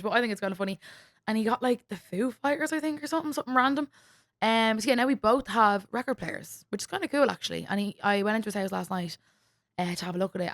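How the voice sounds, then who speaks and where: A woman's voice: mid-range voice, fairly bright tone, no echo. A young Irish woman hosting a podcast, rattling through stories in a loose, chatty way full of fillers and the odd swear. Her voice sits in a middle range and is recorded close and dry, with no room around it. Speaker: podcast host. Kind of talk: casual chat.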